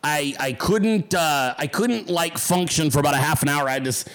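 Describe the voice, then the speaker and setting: A man's voice: on the high side, moderate pace, fairly bright tone, faint music behind. A man hosting his own show, telling a rambling, profanity-laced story with quoted voices in a casual monologue. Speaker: podcast host.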